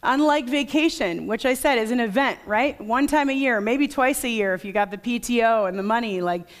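A woman preaching a sermon to a congregation in a conversational way, reading scripture quietly and reflectively. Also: on the high side, brisk.

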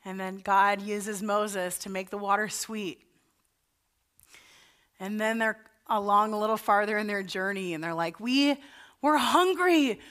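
A woman's voice: medium pitch, flat delivery, unhurried, a bit bright. Woman pastor preaching a story. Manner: conversational storytelling, acts out the Israelites' panicked voices. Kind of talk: sermon.

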